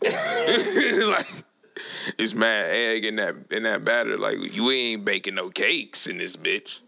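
Man, podcast co-host, casual profane storytelling, gravelly fry. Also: on the low side, normal speed. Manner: animated storytelling, slangy and profane. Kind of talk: casual chat.

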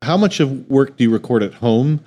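A man's voice: mid-range voice, animated, moderate pace, dark tone. A man hosting an interview, asking friendly questions that often stop and restart. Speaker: interview host. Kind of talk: casual interview.

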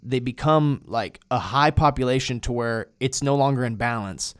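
A young man telling a story on a podcast in a casual, animated way, full of swearing and slang like "bro" and "dude". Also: mid-range voice, moderate pace, clear, resonant tone. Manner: animated, profane, slangy, drifts into acted-out quotes.

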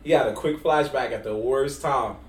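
A man's voice: medium pitch, normal speed. A man co-hosting a casual movie discussion, telling stories and acting out scenes in slangy voices. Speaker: podcast co-host. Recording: roomy, distant mic with faint background noise.

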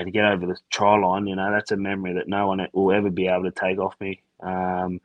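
A deep-pitched Australian man spins a relaxed yarn in a dry, close-sounding recording. He is a former footballer talking as an interview guest. He fills gaps with ums and acts out old phone calls as he goes. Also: dry recording, poor audio. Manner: laid-back yarning with many fillers; retells events by acting out quoted chats. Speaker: retired rugby league player, guest. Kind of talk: casual storytelling interview.

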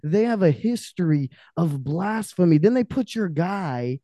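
A man's voice: high-pitched, lively intonation, measured pace, mellow, dry recording, studio quality. A man who is a podcast guest, talking in a casual, heated, emphatic way and swearing often. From Romanian family background. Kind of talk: casual, profane podcast rant.

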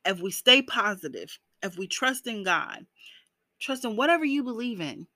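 Woman vlogger, earnest and encouraging, bright tense voice, dry close sound, lots of fillers. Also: a little high, animated, moderate pace, no room sound. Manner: earnest, encouraging, many fillers like "you know"; emotional, breaks into laughs while speaking. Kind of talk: personal vlog talking to viewers.

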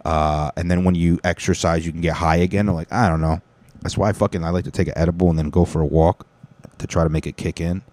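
Deep-voiced rambling podcast host, a man. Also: mellow, dry recording. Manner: rambling, profane, joking. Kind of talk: casual chat.

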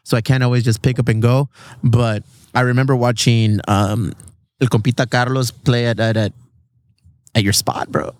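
A man's voice: medium pitch, steady tone, normal speed, no room sound, studio quality. A man in his thirties from San Diego, hosting a casual podcast outdoors, laid-back and full of swearing and "bro.". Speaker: podcast host. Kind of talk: casual chat. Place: outdoors in a backyard treehouse.

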